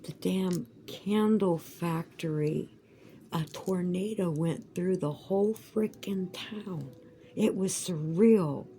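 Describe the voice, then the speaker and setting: Low-pitched woman vlogger, chatty and rambling, swears a lot; faint crinkling behind. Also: slow, warm tone, slight background noise, poor audio. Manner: rambling, profane, emphatic. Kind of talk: casual crafting chat.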